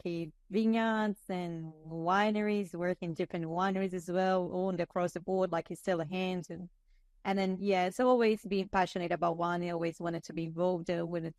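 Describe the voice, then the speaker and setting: A woman in her thirties from Brazil, a native Portuguese speaker with a Brazilian accent, chatting as a guest with halting, non-native English. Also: fairly low pitch, fairly even intonation, a little mellow, no room sound, studio quality. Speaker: guest wine expert. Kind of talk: casual interview chat.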